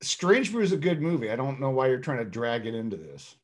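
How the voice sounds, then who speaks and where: Animated ranting man, lively pitch. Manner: animated, emphatic, swearing, quick to rant. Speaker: podcast co-host reviewing a film. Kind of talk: casual chat.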